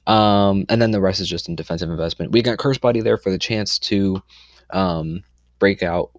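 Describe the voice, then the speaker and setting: A young man casually explaining his competitive team for a video, confident and rambling, with lots of "um"s and quick self-corrections. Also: deep voice, no room sound.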